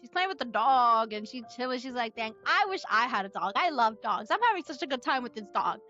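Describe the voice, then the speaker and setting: A higher-pitched woman with a bright, forceful tone co-hosts a book club podcast. She jokes and reacts quickly in casual chat. The recording is a bit dull and lo-fi, with faint music behind her. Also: expressive.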